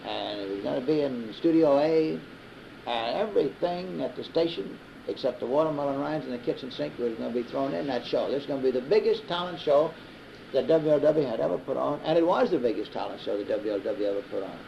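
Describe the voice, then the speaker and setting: Gravelly Southern man telling stories. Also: medium pitch, expressive, fairly quick. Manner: rambling, repeats himself and restarts with many uh's. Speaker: interviewee, radio broadcaster. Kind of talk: casual storytelling. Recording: dull, faintly hissy old reel-to-reel tape.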